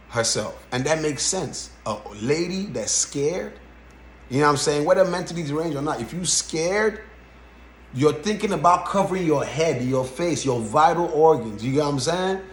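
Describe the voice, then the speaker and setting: A man hosting a podcast, giving casual reaction commentary in an animated way and often checking in with "right?". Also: on the high side, slight background noise. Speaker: podcast host. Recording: roomy echo.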